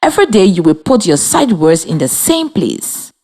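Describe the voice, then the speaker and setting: A woman from Liberia teaching a children's reading lesson over radio, speaking slowly and clearly with encouragement. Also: lowish voice, sing-song, darkish tone. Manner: slow, clear, encouraging, spells and claps out words. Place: radio studio with students.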